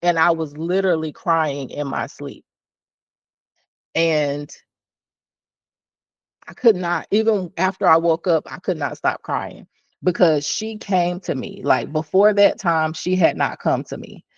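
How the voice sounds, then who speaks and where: Speaking at a measured pace in a low voice, this podcast host shares a personal story with candor, breaking off to restart or to address listeners directly. The lo-fi recording has no echo.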